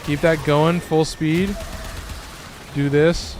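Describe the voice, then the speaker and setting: A man's voice: fairly high pitch, flat delivery, slow, a little mellow, a little hiss or hum. Chatty young man streaming a game. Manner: loose, rambling, swears often, lots of fillers. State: voice cracking. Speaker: gaming streamer. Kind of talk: casual gameplay commentary.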